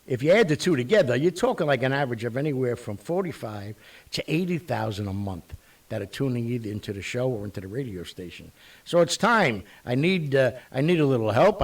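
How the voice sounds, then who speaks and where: New guy hosting his show, gravelly and husky, swoops all over, sits back from the mic. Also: mid-range voice, normal speed, far from the mic. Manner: animated, blunt, mildly profane, rambling. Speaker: host of an online show. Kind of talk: casual rambling monologue.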